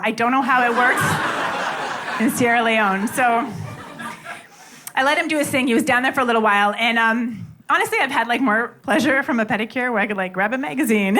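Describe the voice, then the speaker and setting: Chatty woman comic, fairly high voice. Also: fairly quick, crowd noise. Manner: chatty, animated storytelling with frequent fillers. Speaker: stand-up comedian. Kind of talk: stand-up comedy set. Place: comedy club stage with audience laughing. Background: audience laughter.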